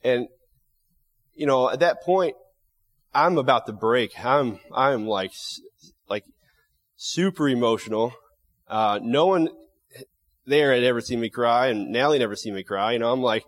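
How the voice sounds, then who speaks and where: A man in a mid-range voice tells his faith testimony with raw sincerity. He talks in halting bursts, stopping and restarting his sentences and leaning on little fillers as he goes. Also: medium pitch. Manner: earnest, halting storytelling with many restarts and fillers. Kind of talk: emotional personal testimony.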